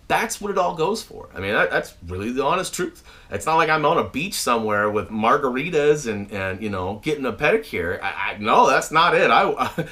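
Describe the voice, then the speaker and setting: Guy in his 30s doing a home vlog update, super animated pitch, lots of ums, bright forceful voice. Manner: animated and chatty, many fillers and restarts, shouts out names. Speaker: channel host. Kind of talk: casual video update to viewers. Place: at home, indoors.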